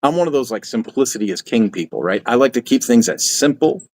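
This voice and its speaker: An older man talking casually to his audience, sharing advice in a folksy, repetitive manner. His voice sits at an ordinary middle pitch, and he often acts out little quotes of what he would say. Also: animated, brisk, a little mellow, dry recording. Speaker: channel host.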